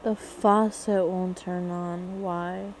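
A woman's voice: on the low side, flat delivery, slow pace, darkish tone, a little hiss or hum, low-quality recording. A young woman giving casual commentary as she plays a horror game, thinking aloud and getting jumpy and scared as it goes on. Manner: thinking aloud, jumpy and frightened during chases. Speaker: gaming video creator.

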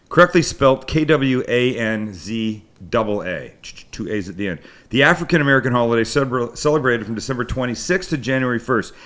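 A man's voice: mid-range voice, a bit bright. Chatty Canadian man hosting a cooking show. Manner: chatty, self-deprecating, rambling with restarts. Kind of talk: casual live-stream chat. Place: home kitchen studio with crew.

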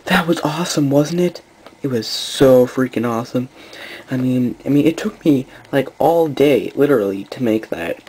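A man hosting his own channel, chatting casually and excitedly, rambling with lots of fillers and restarts. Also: medium pitch, moderate pace, slightly rough, poor audio. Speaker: channel host. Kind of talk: casual vlog chat.

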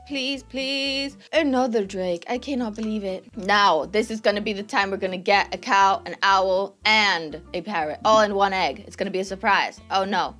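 A woman doing excited gameplay commentary, gushing over cute pets and pleading for rare ones. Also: medium pitch. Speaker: gaming YouTuber. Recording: faint background music.

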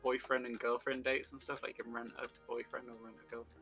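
Casting: young man, crisp bright voice, chatty joker on a headset, faint game music. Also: medium pitch, fast talker. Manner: joking, chatty, gives excited directions. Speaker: gamer. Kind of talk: casual game chat with friends.

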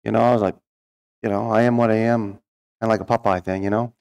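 A man's voice: on the low side, little pitch movement, quick pace, a little mellow, smooth. A middle-aged man telling his life story as a guest speaker, folksy and humorous, acting out the voices of people he quotes. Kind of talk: storytelling testimony.

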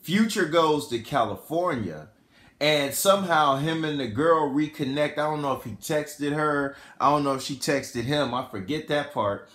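Male host speaking AAVE, high-pitched and lively, rambling delivery, echoey room. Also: normal speed. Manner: rambling, self-correcting, animated. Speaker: podcast host. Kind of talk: casual storytelling commentary.

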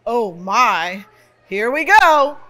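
A woman's voice: fairly high pitch, sing-song, drawn-out words, pushed and bright, pitched below the performer's own voice, full character voice. A woman voicing a hungry, greedy male troll who gloats and rhymes about food. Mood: eager. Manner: gleeful, rhyming, relishing food.

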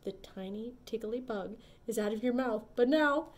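A woman leading a preschool story time, singing and talking in a bright, sing-song, encouraging way. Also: a little high, normal speed. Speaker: children's librarian.

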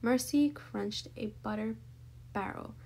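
A woman narrating a children's book aloud in a lively storytelling manner, with a gravelly, husky voice. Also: on the high side, slow pace.

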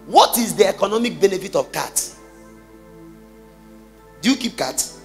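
A Nigerian pastor preaches with a high, swinging voice that leaps between soft asides and shouted points. He fires rhetorical questions at the congregation. Faint music plays behind him. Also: animated, unhurried. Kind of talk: sermon.

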